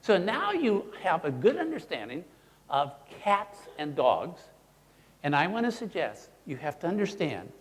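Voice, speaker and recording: A man leads a teaching seminar and acts out his points in little character voices. His voice sits a bit high for a man and swoops widely from phrase to phrase. A long echo from the hall trails each sentence. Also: breathy edge. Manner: animated, acts out examples in voices. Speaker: seminar presenter. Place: presentation room.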